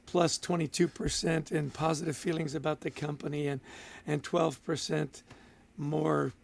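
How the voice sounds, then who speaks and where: A man's voice: fairly high pitch, level tone, normal speed, creaky. A man co-hosting a podcast in casual chat, upbeat and friendly, laughing easily as he bounces ideas off his co-host.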